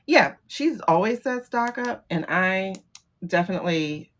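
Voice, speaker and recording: A middle-aged woman hosts a tarot livestream, doing readings in a casual, blunt way and swearing and laughing often. Her medium-pitched voice is fairly bright, with lively intonation at a measured pace.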